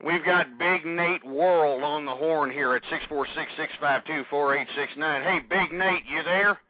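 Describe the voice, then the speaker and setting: A middle-aged man hosting a call-in radio show, ranting and shouting in bursts. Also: on the high side, unhurried, no echo. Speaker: radio talk show host. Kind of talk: call-in talk radio rant. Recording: dull lo-fi radio audio.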